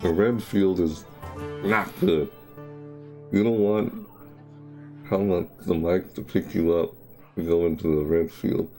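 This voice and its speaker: A man's voice: sits low, fairly even intonation, slow pace, pauses often, darkish tone, soft background music. A young man chatting casually during a live game stream, rambling and repeating and correcting himself. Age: young adult. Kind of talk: casual live-stream chat over gameplay.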